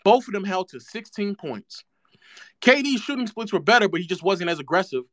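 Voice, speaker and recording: A man's voice: high voice, lively intonation, fairly quick, fairly bright tone, no echo, clean studio sound. Sarcastic man ranting about basketball. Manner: sarcastic and mocking, repeats phrases for effect. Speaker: streamer.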